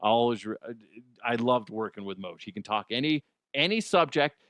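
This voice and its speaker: A man's voice: medium pitch, clean tone, no room sound, clean studio sound. A middle-aged man hosting a casual sports podcast, joking and swearing freely and laughing often. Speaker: podcast host. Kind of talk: casual solo sports chat.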